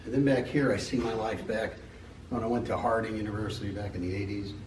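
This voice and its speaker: A man's voice: lowish voice, steady tone, fast, darkish tone, recorded from a distance, a little hiss or hum. Rambling American man in an echoey hall. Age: middle-aged. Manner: rambling, joking storyteller. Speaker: speaker giving a testimony. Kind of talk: personal testimony, unscripted. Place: church meeting hall.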